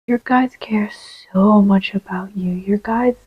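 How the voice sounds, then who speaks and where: A woman giving a channeled card reading, gentle and reassuring, sometimes dropping to a soft whisper as she places cards. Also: medium pitch, takes it slowly, slightly rough, muffled recording. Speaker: tarot reader.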